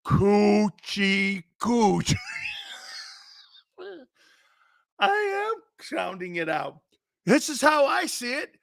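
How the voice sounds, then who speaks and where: Give me a giggly man hosting a live sports talk show, with a high voice and an unhurried pace. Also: wildly swooping pitch, creaky, a bit bright. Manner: giggly, joking, keeps breaking into laughter; reads and answers viewer comments by name.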